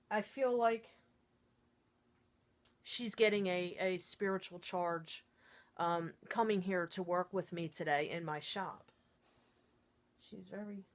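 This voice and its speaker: Chatty woman teaching energy reading. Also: lowish voice. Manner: chatty, peppered with "like" and "okay?" checks. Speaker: intuitive card reader and Reiki practitioner. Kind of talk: casual step-by-step teaching to camera. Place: her own studio shop.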